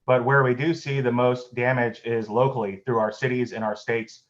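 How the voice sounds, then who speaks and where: Man giving flat testimony. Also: medium pitch, normal speed, muffled recording. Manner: formal, argumentative. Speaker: convention delegate. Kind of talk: public testimony.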